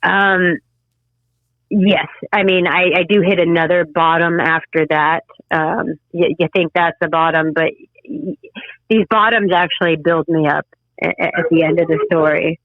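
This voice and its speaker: A woman guest telling her story in an interview, halting and emotional with frequent restarts. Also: lowish voice, dry recording. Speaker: podcast guest. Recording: tinny phone-line sound.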